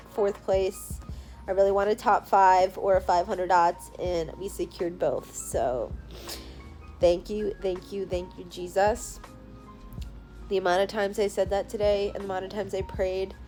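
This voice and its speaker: A woman's voice: medium pitch, steady tone, a little slow, soft background music. A tired young woman in a hotel room bed, recapping her day in a chatty, gushing vlog full of "like" fillers, recorded on a handheld phone. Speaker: powerlifter vlogger.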